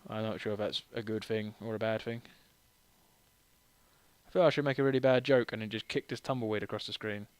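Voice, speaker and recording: A man's voice: on the low side, a little fast, long pauses, clear, resonant tone, no echo. A man giving casual let's-play commentary while tipsy, rambling and self-deprecating, laughing often as he talks. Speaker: game streamer.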